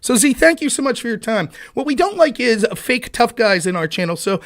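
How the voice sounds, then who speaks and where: A man's voice: very high-pitched, very animated, a little fast. Furious, sarcastic man ranting on stream. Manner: profane, sarcastic, taunting, bursts into shouting. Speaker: live stream host. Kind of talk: angry live-stream rant.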